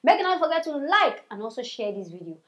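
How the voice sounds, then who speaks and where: Nigerian lady hosting a gossip news show, high lively voice, talks fast, mocking and scolding. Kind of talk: comic celebrity gossip commentary.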